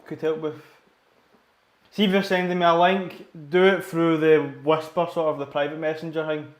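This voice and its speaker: A man's voice: on the high side, level tone, brisk, roomy sound. A Scottish man chatting casually and rambling while training in a gym, swearing often and repeating himself. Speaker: livestreaming gym-goer.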